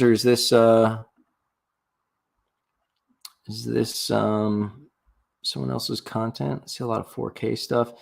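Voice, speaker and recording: A man's voice: medium pitch, fairly even intonation, unhurried, gravelly, long pauses, a little mellow, breathy edge. A young man from Florida chatting casually on a livestream, rambling and restarting his sentences a lot. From Florida, USA. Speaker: livestream host. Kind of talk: casual live-stream chat.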